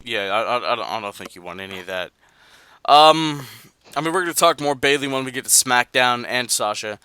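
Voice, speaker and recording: Excitable male co-host with a bright, crisp voice and a dry close mic. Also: mid-range voice, dry recording. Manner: excitable, reads listener messages aloud. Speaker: podcast co-host. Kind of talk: casual wrestling podcast chat.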